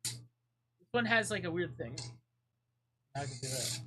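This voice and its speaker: A man's voice: on the high side, lively intonation, takes it slowly, bright, forceful tone, slight background noise. A man chatting casually on a live stream, rambling with lots of fillers, swearing often and fidgeting restlessly.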